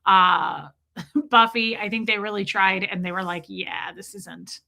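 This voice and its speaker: A woman's voice: mid-range voice, fairly even intonation, unhurried, gravelly, sharp tone. A woman hosting a casual live stream, greeting viewers by name, self-mocking and laughing often. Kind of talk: casual live chat reading viewer comments.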